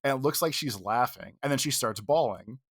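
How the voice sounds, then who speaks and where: Male podcast co-host, mid-pitched, casual and animated, swears a lot, dry close mic. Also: fairly quick, breathy edge, dry recording. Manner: animated, profane retelling with quoted outbursts. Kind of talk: casual storytelling chat.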